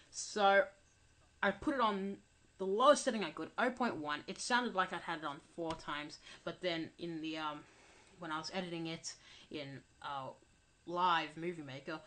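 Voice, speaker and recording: Recovering from being sick, this young channel host mumbles her way hesitantly through a relaxed commentary. Her pitch sits fairly low and her tone is a bit bright, captured through a desk mic at home.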